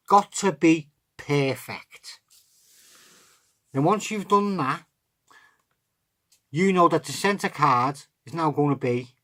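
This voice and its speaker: A man's voice: mid-range voice, fairly bright tone. Chatty man teaching card tricks. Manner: chatty, explains step by step, talks to himself. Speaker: magic tutorial host.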